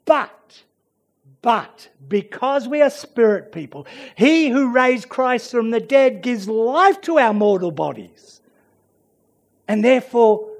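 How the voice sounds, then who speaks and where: High-voiced man preaching an earnest sermon. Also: big pitch swings, slow, vocal fry. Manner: earnest, dynamic, swings between emphatic and hushed.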